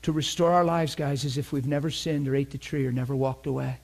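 A man preaching a sermon, telling a story with bursts of laughter and dropping to a hushed, reverent voice. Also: medium pitch, quick pace, vocal fry. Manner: animated, laughs often, drops to a hushed tone for reverent parts.

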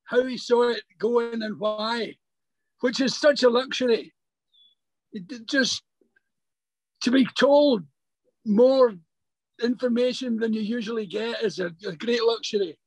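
High-voiced older man, dry sound. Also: no room sound, low-quality recording. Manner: halting, repeats words, animated anecdotes. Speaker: actor guest. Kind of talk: remote interview, casual storytelling. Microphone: video call.

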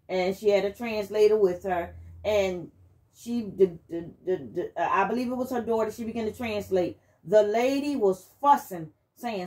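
A woman sharing a personal testimony as she hosts her channel, telling it in an animated, emphatic way and speaking directly to her listeners. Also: medium pitch. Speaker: channel host giving testimony.

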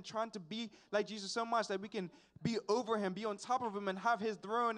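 High-voiced young man preaching a testimony. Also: a bit bright. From Bermuda. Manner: storytelling, earnest and casual with chuckles. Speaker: young preacher at a graduation service. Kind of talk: personal testimony sermon.

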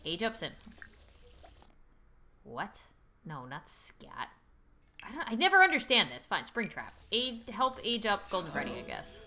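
An excitable woman narrates her own let's play video and shrieks at the game when it misbehaves. Her voice is very bright and sharp-edged, and her pitch leaps up and down. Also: measured pace, long pauses, slight background noise. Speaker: gaming YouTuber host.

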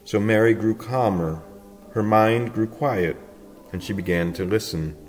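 Slow, tender male storyteller. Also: fairly low pitch, soft background music. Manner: tender, playful storytelling with soft chuckles. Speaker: audiobook reader. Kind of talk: storybook narration.

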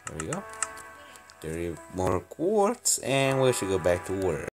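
A man's voice: deep voice, huge pitch swings, measured pace, faint music behind. A young man casually commenting on his building game, playful and rambling, making up silly stories. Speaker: game channel host.

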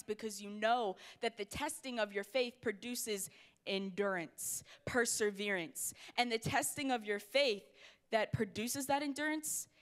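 A young woman preaching to a youth crowd with a bright, fairly high voice. She is energetic and playful, calling out to the room as she goes. Her delivery is conversational and full of asides. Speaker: youth pastor. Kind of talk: youth sermon. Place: church hall before a youth crowd.

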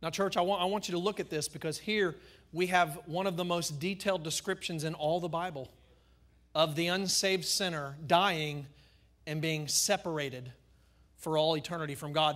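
Male pastor, fervent sermon delivery, high and bright voice, hammers repeated phrases. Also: steady tone, moderate pace.

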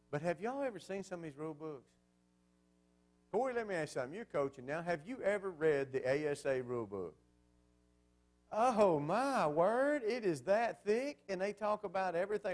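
A man's voice: fairly high pitch, darkish tone. Man preaching conversationally. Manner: conversational, asks the congregation questions. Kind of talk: Bible class sermon.

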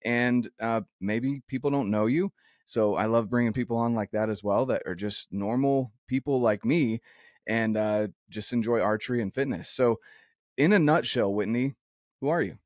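A man's voice: medium pitch, normal speed, no echo, clean studio sound. A man hosting an outdoors podcast, talking earnestly in a rambling way with many restarts. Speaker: podcast host. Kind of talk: casual interview chat.

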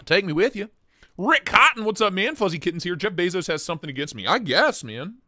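A man's voice: high voice, very animated, brisk, pushed and bright, dry recording. A man hosting a casual live stream, joking and swearing as he greets viewers by name. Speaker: livestream host.

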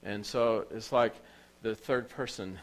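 Low-voiced emotional male preacher. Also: a little slow, poor audio. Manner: emotional storytelling preacher, repeats phrases for emphasis. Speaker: pastor. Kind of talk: sermon. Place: church.

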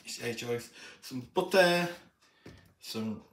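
Very low-voiced woman listing groceries. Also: expressive, takes it slowly. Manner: plain item-by-item listing with hesitant fillers. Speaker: parent vlogger. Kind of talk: casual grocery haul. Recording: roomy distant mic with loud bag rustling.

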